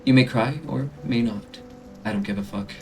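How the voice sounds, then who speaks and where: A man's voice: mid-range voice, normal speed, noisy background, natural voice. A man playing a mocking grand showman. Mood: taunting. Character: theatrical male showman announcing a bloody spectacle. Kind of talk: amateur voice acting of game dialogue.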